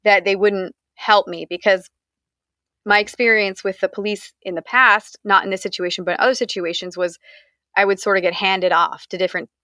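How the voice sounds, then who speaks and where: A woman's voice: medium pitch, fairly even intonation, moderate pace, sharp tone, no echo, studio quality. A young woman from the United States, candidly recounting a personal story in an interview, talking conversationally with frequent fillers.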